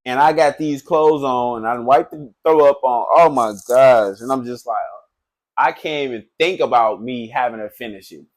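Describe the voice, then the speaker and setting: A man who works as a tattoo artist, telling a story in a loose, animated, profane way, full of filler phrases. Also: mid-range voice, moderate pace. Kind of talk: casual storytelling.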